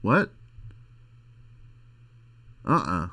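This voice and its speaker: A middle-aged man hosting a podcast, rambling in a crude, halting casual monologue. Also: low-pitched, huge pitch swings, vocal fry, pushed and bright. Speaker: podcast host.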